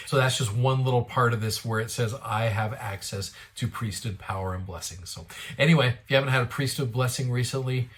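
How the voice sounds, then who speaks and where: A man hosting a daily scripture show, telling a personal faith story earnestly and lifting his voice when he quotes people. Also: lowish voice. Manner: earnest, retells dialogue with a lifted voice. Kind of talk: devotional storytelling.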